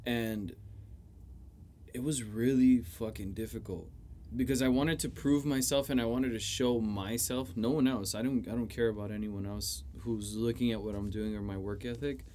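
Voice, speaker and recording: Young guy chatting easy, mid pitch, swears a lot, bit of room hum. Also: steady tone, moderate pace, warm tone. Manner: laid-back, swears freely, lots of "you know". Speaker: chef guest. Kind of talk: casual podcast chat.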